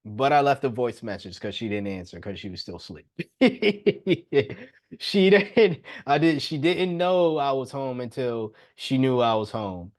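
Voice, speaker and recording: A young man hosting a podcast, telling a personal story in a casual, animated way and often laughing as he talks. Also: unhurried. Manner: animated, jumps into higher voice when quoting himself. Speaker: podcast host.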